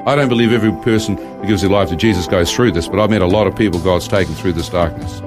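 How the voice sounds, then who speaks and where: Low-voiced man telling his testimony. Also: fast, over music. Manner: re-enacts his own inner thoughts as dialogue; quotes scripture verse by verse. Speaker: guest. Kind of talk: conversational testimony storytelling.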